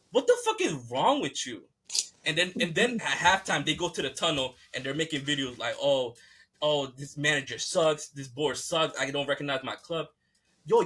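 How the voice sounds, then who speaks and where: A man's voice: a little high, a bit bright, slightly rough. A man hosting a podcast, ranting in a fired-up, profane, repetitive way. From United States. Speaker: podcast host. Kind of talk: heated casual rant.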